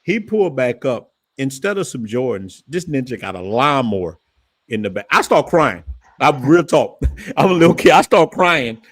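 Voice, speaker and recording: A man's voice: mid-range voice, normal speed, no echo. A man, hosting his channel and telling stories in casual chat, his voice rising as he acts out quotes. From New Orleans, Louisiana. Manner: animated storytelling, voice rising when quoting his father. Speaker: channel host.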